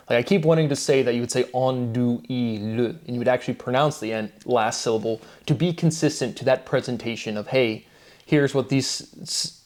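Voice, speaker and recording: A man thinks out loud in a casual solo monologue, rambling and circling back with frequent fillers and false starts. His voice sits at an ordinary middle pitch for a man. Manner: rambling, musing, many fillers and restarts. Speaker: channel host.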